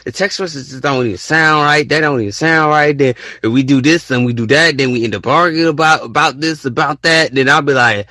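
Bright-voiced young man rambling casually. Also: on the high side, brisk, few pauses, dry recording. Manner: rambling, repeats words, acts out texting conversations. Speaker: podcast host. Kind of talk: casual solo podcast talk.

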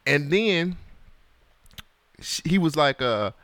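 Young guy cohosting a podcast, cussing, laughing, bouncy pitch, dry mic. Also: animated, takes it slowly, fairly bright tone, smooth, no room sound. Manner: storytelling, profane, laughs often. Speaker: podcast co-host. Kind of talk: casual chat.

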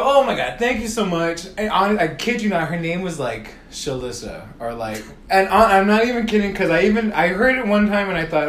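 A man with a slightly high voice tells a long story casually among friends, swearing freely and acting out both sides of phone calls. The recording is reverberant, with slight background noise.

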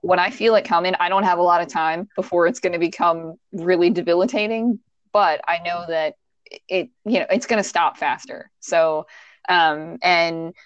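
A woman's voice: on the low side, moderate pace, smooth, no room sound, highs cut off. Thirties woman, casual storyteller, laughs a lot, dry close mic. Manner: animated, laughs often, acts out quotes.

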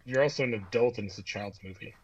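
A man's voice: mid-range voice, fast talker, a loud crowd. A man co-hosting a podcast, chatting casually with a teasing, sarcastic edge. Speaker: podcast co-host. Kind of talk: casual chat. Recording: dull lo-fi mic with faint hiss.

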